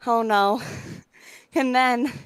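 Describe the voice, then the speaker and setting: Woman cohost on sports radio, chatty and animated, smooth voice, dry studio sound. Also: a little high, extremely slow, no room sound. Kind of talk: casual sports talk.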